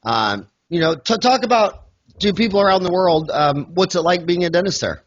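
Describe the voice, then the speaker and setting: A man's voice: sits high, animated, moderate pace, muffled recording. Chatty, joking American man hosting. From United States. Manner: chatty, joking, rambling with many fillers. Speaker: podcast host. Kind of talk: casual interview.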